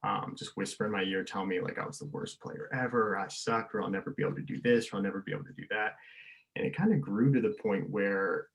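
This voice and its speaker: A young man, a podcast guest, casually telling a story, laughing often and acting out quotes loudly. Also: lowish voice, fast talker, low-quality recording.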